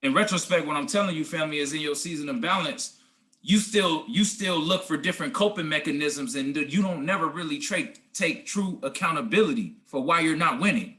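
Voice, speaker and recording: This team leader's high, bright voice comes across as forceful while he delivers a motivational talk on a group call. He is emphatic and preachy, uses slang, and calls his listeners guys and family.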